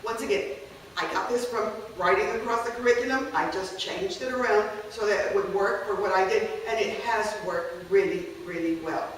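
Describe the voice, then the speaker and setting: A woman language teacher presents a conversational workshop on classroom activities, frequently checking in with her audience. Her mid-range voice moves at a moderate pace, heard from a distance in an echoey room with a slight hiss or hum.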